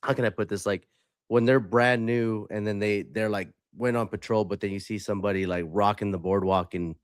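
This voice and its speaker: Male veteran host, 30s, lowish voice, dry close sound, relaxed casual delivery. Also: fairly quick, clean tone, no room sound. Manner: easygoing, filler-heavy, laughs along. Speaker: podcast host, army veteran. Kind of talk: casual chat.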